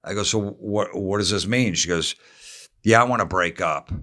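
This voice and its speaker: This is a man with a fairly low voice, a comedian from New Jersey, spinning a story on a podcast. He speaks matter-of-factly and acts out both sides of the exchange as he goes. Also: moderate pace, pushed and bright. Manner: matter-of-fact, acting out both sides of the dialogue. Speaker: comedian guest.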